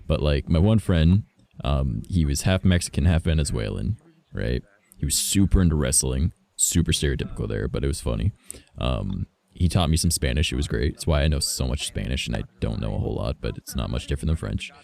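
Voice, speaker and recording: Super deep gravelly guy from canada rambling and swearing on stream. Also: lively intonation, a little fast, darkish tone. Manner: rambling, swears freely, lots of fillers. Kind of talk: casual chat while gaming.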